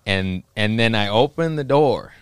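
A young man from the Los Angeles area, a stand-up comic guesting on a podcast, tells a rambling, profane story in casual chat, acting out the voices of its characters. His voice is lowish and clean with lively intonation and an unhurried pace, recorded dry.

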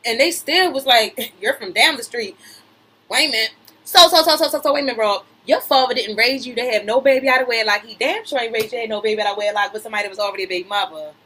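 High bright woman riffing on gossip. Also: fast, poor audio. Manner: animated, keeps interrupting herself with "wait a minute"; reads news aloud then riffs with slang and laughter. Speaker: podcast host. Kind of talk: gossip commentary.

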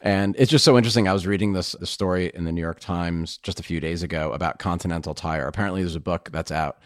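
Male host, very low voice, earnest and emphatic, rambles a bit, dry close sound. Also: fast, dry recording. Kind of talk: casual conversation.

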